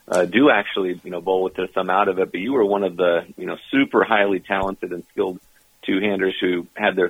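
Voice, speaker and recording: A man's voice: deep voice, slightly rough, no echo. A man, a coach co-hosting a podcast, asking long rambling questions full of fillers over a remote line. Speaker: co-host and coach. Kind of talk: interview questions. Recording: tinny phone-like line, dry.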